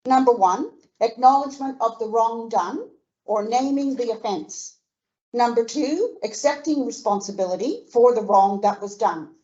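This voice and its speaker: An older woman with an Australian accent, reading a prepared speech at a commemorative event in a measured, earnest way and stressing each point of a list. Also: fairly high pitch, dark tone, highs cut off. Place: museum function room.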